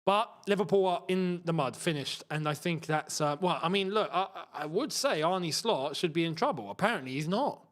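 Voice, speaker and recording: A young man hosting a live football watchalong, reacting loudly to goals and bantering with his chat. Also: a little high, lively intonation, moderate pace, few pauses.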